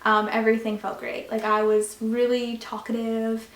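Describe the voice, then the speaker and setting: Young woman vlogger, slightly high voice, chatty storyteller, filler-heavy, roomy echo. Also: normal speed. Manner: chatty, many fillers, animated retelling. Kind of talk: casual storytelling. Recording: echoey room.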